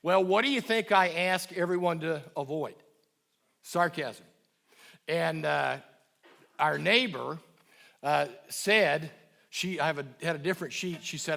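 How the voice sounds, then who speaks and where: A man's voice: fairly high pitch, creaky, sharp tone. Emphatic man speaking to an audience. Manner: emphatic, repeats key phrases slowly; asks the audience questions. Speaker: guest speaker on parenting. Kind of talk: live talk to an audience. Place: church hall.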